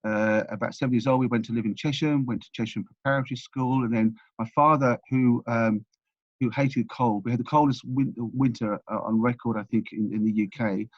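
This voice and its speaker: A man's voice: medium pitch, fairly even intonation, a little fast, slightly rough, no room sound, highs cut off. A man in his sixties from England, telling rambling stories about his life as a podcast guest, full of restarts and repeated words. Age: 60s. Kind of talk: casual storytelling interview.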